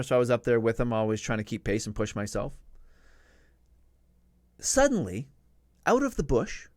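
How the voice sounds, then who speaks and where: A middle-aged man from Canada telling a story casually on a live stream, acting out shouted quotes in a raised voice. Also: a little high, dry recording, clean studio sound.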